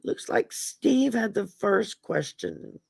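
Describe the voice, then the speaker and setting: A woman's voice: mid-range voice, wildly swooping pitch, takes it slowly, gravelly, husky, dry recording. A woman with a Southern accent co-hosting a chat show and reading out viewer questions in a laid-back way.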